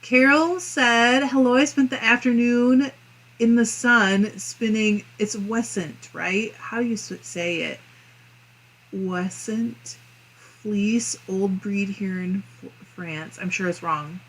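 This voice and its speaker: This Midwestern-accented woman runs a live crafting stream, reading out viewer comments warmly and chattily while thinking aloud with small laughs. She sounds a little high and a bit bright, with fairly even intonation and a slightly slow delivery, on a rough recording.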